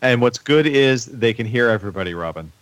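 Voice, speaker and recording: A man's voice: mid-range voice, animated, a little fast, over loud music. A man hosting a podcast in loose, joking chat with friends, often stumbling and restarting his sentences. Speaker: podcast host. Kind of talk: casual chat among friends.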